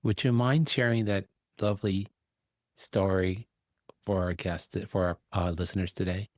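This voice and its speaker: Casting: low-voiced man, podcast host, courteous interviewer, dry sound. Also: steady tone, normal speed, a little mellow, dry recording. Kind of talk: interview questions.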